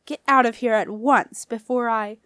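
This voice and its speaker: A woman's voice: on the high side, fairly even intonation, normal speed, clean tone, no echo, clean studio sound, natural voice. A woman voicing an imperious woman wizard who speaks sharply and icily. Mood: icy. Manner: icy, sharp, impatient.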